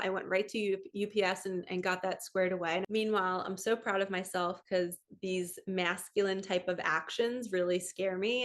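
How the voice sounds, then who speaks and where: Chatty, excitable woman telling a story. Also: mid-range voice. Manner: chatty and excitable, quoting others in lively retellings. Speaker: spiritual coach and vlogger. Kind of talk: casual storytelling to camera. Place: at home.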